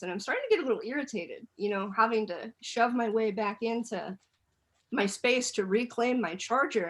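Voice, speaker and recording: Woman comedian, stand-up story, relaxed, rambling, many fillers, video call. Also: a little high.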